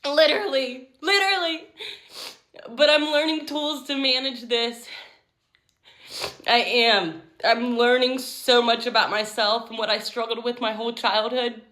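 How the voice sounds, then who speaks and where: Emotional high-voiced woman vlogger. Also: steady tone, a little slow, a bit bright. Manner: candid, emotional, confessional. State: tearful at times. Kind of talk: emotional personal vlog.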